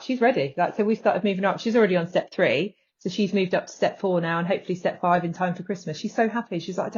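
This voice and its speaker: A woman's voice: fairly low pitch, fast, few pauses, a little mellow, slightly rough, dull audio. A woman coaching weight loss, chatting enthusiastically on a podcast over a call. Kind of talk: casual chat.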